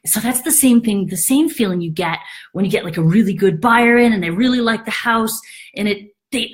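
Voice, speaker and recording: A woman realtor talking casually to camera, acting out quoted worries in a higher voice. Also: normal speed. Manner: animated, acts out quoted thoughts in a high voice. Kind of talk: casual explainer monologue.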